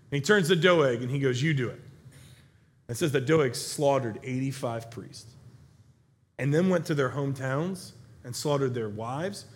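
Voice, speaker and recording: Man, high voice, animated sermon storyteller, casual preaching, acts out quotes. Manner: animated storyteller, acts out quoted characters with raised pitch and volume. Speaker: pastor. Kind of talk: sermon retelling a Bible story.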